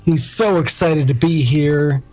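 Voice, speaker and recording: A man acts as game master of a superhero tabletop game. He narrates in a relaxed, halting way with plenty of fillers, and his voice sits a little high for a man. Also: soft background music, low-quality recording.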